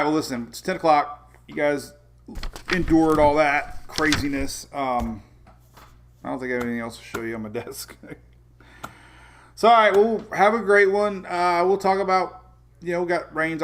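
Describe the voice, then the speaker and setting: A man with a somewhat high, gravelly voice hosts a weather show in a loose, casual chat. He tells stories with lots of energy, stumbling over words and restarting sentences as he goes. The talk stays informal and unscripted. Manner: animated storytelling, frequent laughs and restarts.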